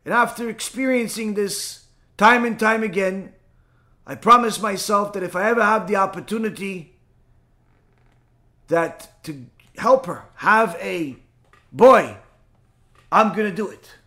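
A man's voice: high voice, unhurried, pauses often, pushed and bright, exaggerated voice. A man voicing a dead midwife's ghost. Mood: pleading. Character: dead woman midwife, tormented, pleading.

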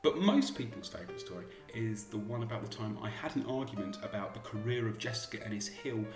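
A man delivers a dry, wry story that sounds scripted. His low voice moves a lot in pitch. He is recorded in a roomy, echoey space with music playing behind him. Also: lively intonation, quick pace. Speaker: podcaster and journalist.

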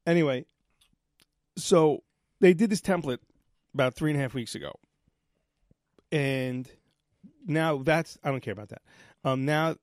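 Gravelly, profane ranting man. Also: on the high side, dry recording, studio quality. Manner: profane, animated storytelling. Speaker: podcast co-host. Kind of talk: casual ranting chat.

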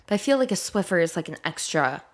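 A woman's voice: lowish voice, animated, fast talker. Young woman podcast co-host, slightly nasal, chatty, giggly, drifts off mid-sentence. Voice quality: a little nasal. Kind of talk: casual podcast chat.

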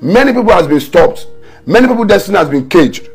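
A man's voice: high voice, big pitch swings, quick pace, darkish tone, slightly rough, faint music behind. A man pastor preaching an online morning prayer sermon, fervent, mixing tongues and repeated decrees with stories. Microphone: home camera setup for an online broadcast.

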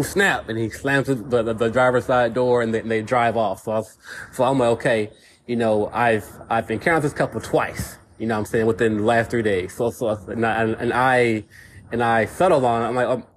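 A man's voice: medium pitch, slight background noise. A man hosting a casual solo podcast, rambling and repeating words as he talks things through. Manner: rambling, repeats words, says "you know what I'm saying". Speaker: podcast host.

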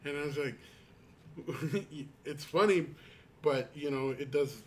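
A man's voice: a little high, takes it slowly, a little hiss or hum. A man with in his speech, telling stories in a rambling, casual chat with friends. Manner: rambling storyteller, many restarts and quoted asides.

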